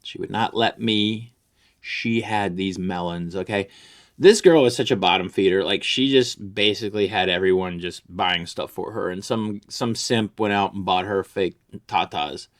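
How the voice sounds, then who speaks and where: Male comedy vlogger, lowish voice, crude boastful rambling rant. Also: normal speed.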